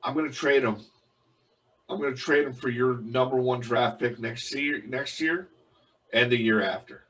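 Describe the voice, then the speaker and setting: A man co-hosting a relaxed podcast chat, with a bright, forward voice. He explains things patiently and checks in with "right?" as he goes. He sounds set back from the microphone. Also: mid-range voice, normal speed, recorded from a distance. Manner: explains at length, tags lines with "right?". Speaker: podcast co-host. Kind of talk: casual chat.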